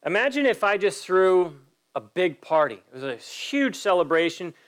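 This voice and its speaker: Male pastor, fairly high voice, emphatic sermon delivery with pointed questions to the congregation. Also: very animated, normal speed, a bit bright. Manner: acts out quoted voices in a story.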